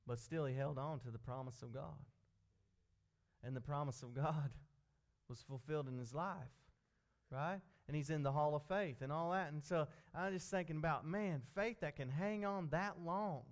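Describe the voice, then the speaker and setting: Man, folksy preacher, fairly high voice, chatty informal sermon. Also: moderate pace. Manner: folksy, conversational, repeats himself.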